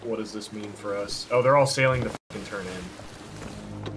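A man streaming a multiplayer game, talking strategy with a teammate and cursing freely whenever things go wrong. His voice sits a little low. Loud background noise runs under his talk. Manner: profane, quick strategizing, excitable. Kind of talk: casual gaming chat with a teammate.

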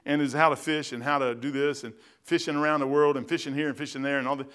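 A man's voice: medium pitch, flat delivery, quick pace, a bit bright, smooth. A man preaching a sermon in a church as its pastor, telling stories in a folksy, plain-spoken way with bursts of emphasis. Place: church sanctuary.

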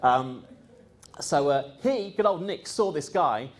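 Speaking slowly in a somewhat high voice, a man tells about his experiences casually. He rambles, starts over and leans on ums and uhs, but stays lively, doing voices for the people he quotes. There's a slight hiss or hum.

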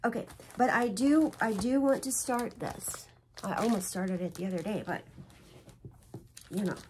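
A woman's voice: mid-range voice, lively intonation, moderate pace, a little mellow, slight background noise. A woman hosting her own stitching vlog, talking in a chatty, rambling and emotional way as she shows her projects at home. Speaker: flosstube host. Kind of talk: casual show-and-tell chat.

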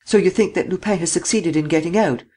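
A man's voice: high-pitched, quick pace, warm tone, pitched above the performer's own voice, close to an everyday voice. A man reading a fretful fussy magistrate. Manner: fretful, questioning. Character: anxious fussy male examining magistrate.

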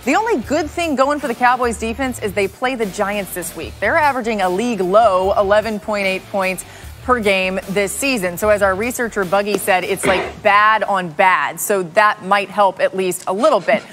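A woman hosting a studio sports show, crisp and brisk with a wry touch. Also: mid-range voice, a bit bright, faint music behind. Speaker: show host.

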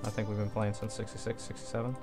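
A man's voice: lowish voice, completely flat delivery, fast talker, music in the background. A man giving casual gameplay commentary, thinking aloud in an offhand way and swearing now and then. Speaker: let's play host.

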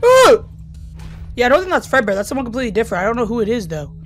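A woman's voice: a little high, lively intonation, racing, faint music behind. A young woman giving dramatic, panicky commentary while playing a horror game and talking to her viewers. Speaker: gaming YouTuber.

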